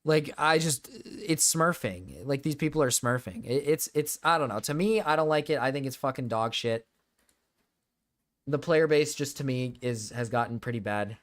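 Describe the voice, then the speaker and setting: A man's voice: mid-range voice, moderate pace. A young man streaming, chatting casually to his viewers, rambling and swearing with frequent restarts.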